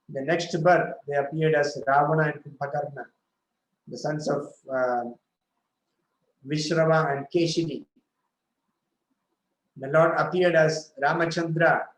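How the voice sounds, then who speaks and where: A man giving a devotional scripture talk, retelling a story slowly with frequent self-corrections. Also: fairly high pitch, steady tone, roomy sound, rough recording. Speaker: scripture speaker.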